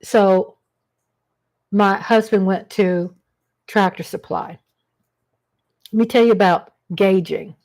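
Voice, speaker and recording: A woman's voice: mid-range voice, takes it slowly, long pauses, darkish tone. A woman hosting a casual livestream, rambling chattily and greeting viewers by name as she talks. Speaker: livestream host. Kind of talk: casual live-chat monologue.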